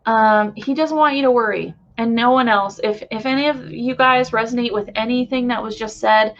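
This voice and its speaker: A young woman with a stuffy nose from crying, gently and reassuringly relaying a channeled spiritual message to viewers, rambling a little with fillers. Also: a little high, moderate pace. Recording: dull lo-fi home recording.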